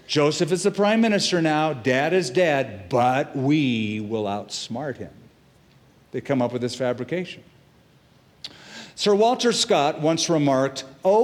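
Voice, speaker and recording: Animated, expressive man preaching a sermon. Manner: animated storytelling, acts out quotes with shifts in pitch and loudness. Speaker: pastor.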